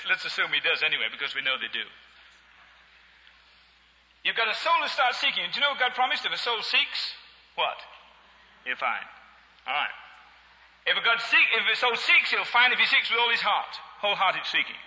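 A man's voice: high voice, long reverb tail, highs cut off. A man preaching a sermon with humor, chuckling and talking to his congregation. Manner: humorous, animated, chuckling asides.

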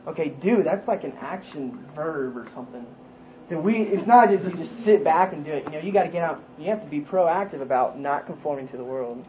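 Guy teaching a bible study, chatty, kinda higher voice, dull muffled recording w/ some hiss. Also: a little fast. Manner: conversational, asks questions, frequent ums and restarts. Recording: dull lo-fi recording with faint noise.

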